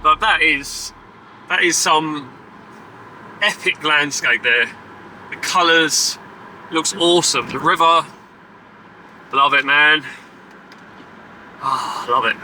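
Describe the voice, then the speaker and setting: A man chatting casually and excitedly to camera as a travel vlogger, driving and walking about. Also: fairly high pitch, takes it slowly, pauses often, slight background noise, low-quality recording. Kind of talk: casual travel vlog chat. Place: in a car and outdoors.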